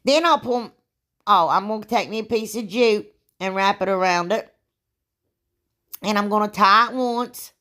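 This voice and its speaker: A woman, hosting a casual craft tutorial, chatty and rambling, with a sore throat that makes her clear it often. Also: mid-range voice, unhurried, long pauses, a bit bright. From Ohio, United States. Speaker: DIY crafts channel host.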